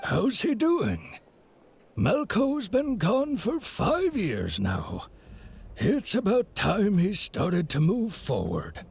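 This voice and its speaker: A man's voice: high-pitched, wildly swooping pitch, slow, vocal fry, breathy edge, full character voice. An actor playing a friendly, chatty older male merchant who tells stories in a folksy way in a video game. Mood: genial.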